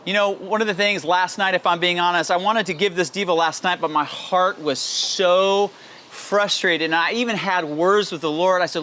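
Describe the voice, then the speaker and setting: Earnest, fairly high-voiced male pastor. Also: steady tone, normal speed, sharp tone, slight background noise. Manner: earnest, candid, personal; pleading, emphatic repetition. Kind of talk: daily devotional sermon.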